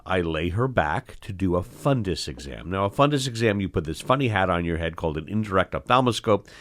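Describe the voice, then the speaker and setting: A middle-aged man, an eye doctor hosting the show, telling stories from his training in an animated, expressive way that acts out the scenes. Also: low-pitched. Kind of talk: storytelling in casual conversation.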